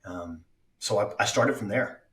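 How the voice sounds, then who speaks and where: A man's voice: lowish voice, a little slow, fairly bright tone, reverberant, far from the mic. A man speaking as an actor guest on a casual podcast, reflective, with many fillers and restarts.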